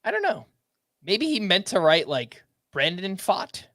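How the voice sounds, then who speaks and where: A man co-hosting a sports podcast in casual chat, animated as he reads out listener submissions. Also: sits high, measured pace, no room sound, clean studio sound. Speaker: fantasy baseball podcast co-host.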